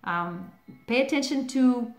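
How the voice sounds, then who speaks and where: A woman's voice: fairly high pitch, animated, a little slow. A woman hosting a relationship advice channel, talking casually to the camera, laughing often and using lots of "like" fillers. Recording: roomy echo.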